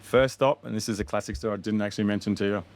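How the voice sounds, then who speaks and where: A man's voice: fairly low pitch, fairly even intonation, darkish tone. A middle-aged man, chatting upbeat as a podcast guest, with lots of fillers. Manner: quick, upbeat, frequent fillers like 'you know'. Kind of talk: casual interview chat.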